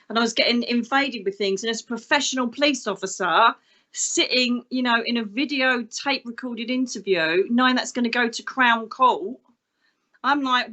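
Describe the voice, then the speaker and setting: A lively English woman in her fifties tells stories as an interview guest, slipping into other people's voices as she goes. Her voice sits a little high for a woman's. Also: normal speed. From England. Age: 50s. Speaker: guest, psychic medium. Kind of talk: storytelling interview talk.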